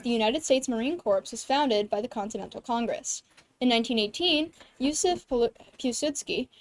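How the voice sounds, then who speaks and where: A woman's voice: fairly high pitch, darkish tone. A young woman anchoring a student news show, reading history facts and headlines from a script and tripping over some names.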